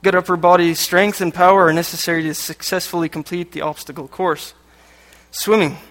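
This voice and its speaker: A man's voice: sits high, level tone, brisk, fairly bright tone. A man from Canada giving a sermon, reading passages aloud and adding joking asides between them. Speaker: lay preacher. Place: church hall. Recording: echoey hall with long reverb.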